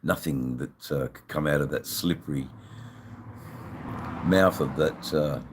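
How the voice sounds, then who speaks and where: A man's voice: a bass voice, a little slow, noisy background. An Australian man hosting a casual live stream, rambling and swearing freely as he chats with his viewers. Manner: rambling, swears freely, many "you know"s.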